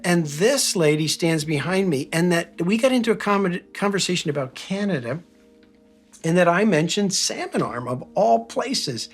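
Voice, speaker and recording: Earnest man telling a story over soft music. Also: fairly high pitch. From Philadelphia, United States. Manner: earnest storytelling, builds emphasis on key phrases. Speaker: speaker. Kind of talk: motivational talk.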